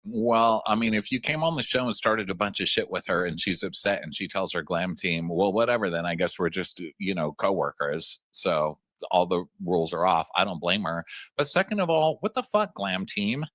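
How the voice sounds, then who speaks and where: A man co-hosting a casual recap chat, animated and laughing, acting out quotes in high shrieks. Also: normal speed, no room sound, clean studio sound. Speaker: podcast co-host.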